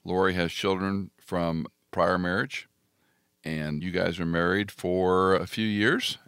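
Deep smooth-voiced male host. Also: fairly even intonation, slow pace, a bit bright, dry recording, clean studio sound. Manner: recaps the guest's story for him. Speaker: interview host. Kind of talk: interview conversation.

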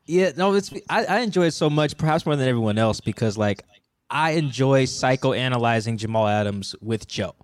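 A man's voice: medium pitch, lively intonation, normal speed. A male podcast co-host in casual chat, with an easygoing, amused manner.

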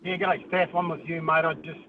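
A man's voice: fairly high pitch, little pitch movement, a little fast. Kiwi male caller, keen and matey, heard over a thin phone line with light noise. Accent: New Zealand. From New Zealand. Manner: says mate constantly, restarts a lot. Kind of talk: casual phone-in chat. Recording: tinny phone line with hiss.

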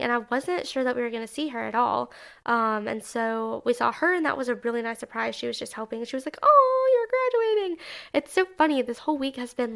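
A woman's voice: a little high, gravelly, fairly bright tone. A woman in her twenties, a new college graduate, telling a story in a casual, upbeat, chatty way, with lots of fillers and giggles.

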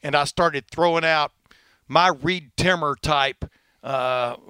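Brief: male sports podcast host with a Texan twang, quick and jokey, bright voice, dry close mic. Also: fairly high pitch, smooth, no echo. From Texas. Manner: fast talker, joking, uses fillers. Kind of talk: casual sports podcast chat.

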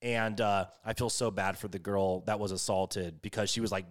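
A young man telling a story in casual chat, animated, swearing freely and filling his talk with "like". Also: lowish voice, moderate pace. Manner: animated, swears a lot, many fillers.

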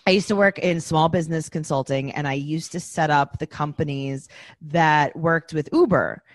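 A woman's voice: low-pitched, steady tone, moderate pace, no room sound. A woman with a New York accent co-hosting a podcast, chatting and rambling with a lot of fillers. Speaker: podcast co-host. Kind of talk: casual chat.

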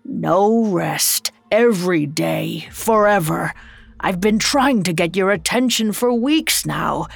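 A woman's voice: lowish voice, expressive, slow pace, creaky, no room sound, exaggerated voice. A woman voicing the grim ghost of an old man bound in chains, speaking solemn warnings in an audio drama reading.

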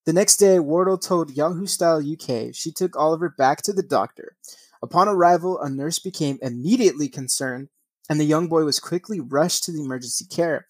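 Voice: mid-range voice, a little fast, slightly rough, dry recording. A young adult podcast host casually reading news stories aloud, swearing often, laughing and tripping over words.

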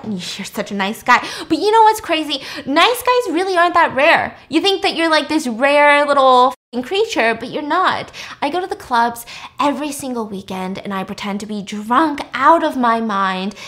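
Woman playing a cold, sober young avenger. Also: a little high. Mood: scornful. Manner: calm, pointed questions.

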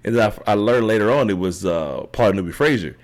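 Brief: very deep man, middle-aged, loose rambling storyteller, tags lines with "right?". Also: expressive, fairly quick. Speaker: podcast guest, triathlete. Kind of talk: casual storytelling interview.

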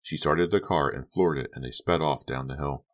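Very deep-voiced male audiobook narrator. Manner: measured, suspenseful storytelling. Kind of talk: scripted horror audiobook narration.

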